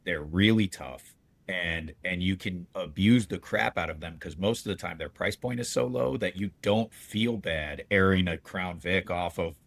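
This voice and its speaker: A man on a podcast, chatting casually and telling lively stories with slang and frequent laughter. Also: low voice, normal speed, vocal fry, dry recording. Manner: animated storyteller, laughs often, slangy. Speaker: podcast co-host. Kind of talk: casual chat.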